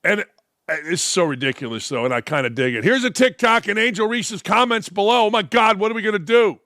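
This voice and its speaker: Blunt, sarcastic sports talk host, high bright voice. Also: male voice, expressive, brisk, no echo, studio quality. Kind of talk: opinionated sports talk commentary.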